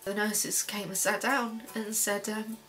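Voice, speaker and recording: A young woman, a student filmmaker, quietly recalling events in a personal documentary interview. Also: medium pitch, level tone, unhurried, faint music behind. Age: young adult. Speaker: filmmaker recalling her mother's illness.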